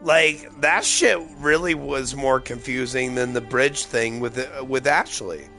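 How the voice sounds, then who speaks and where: A man's voice: medium pitch, takes it slowly, sharp tone, faint music behind. Tipsy, rambling male gaming streamer. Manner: rambling, profane, loose. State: tipsy, slightly slurring. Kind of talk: casual gameplay commentary.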